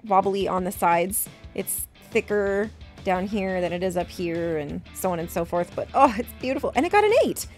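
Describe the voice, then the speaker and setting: A woman in her thirties chatting excitedly as she opens graded trading cards, gasping and repeating herself. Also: mid-range voice. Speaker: card collecting vlogger. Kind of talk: excited unboxing chat.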